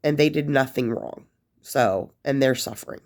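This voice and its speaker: A woman's voice: very deep voice, normal speed, a little mellow. A woman vlogger giving casual advice to camera, rambling with many fillers and restarts, and emotional enough to be near tears at times. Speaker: vlogger sharing life after prison.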